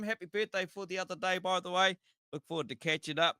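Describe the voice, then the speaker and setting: A man from New co-hosting a casual live show, upbeat and giving shout-outs to viewers. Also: on the high side, a little fast, smooth, no echo, studio quality. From New Zealand. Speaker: co-host. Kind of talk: casual live-stream chat.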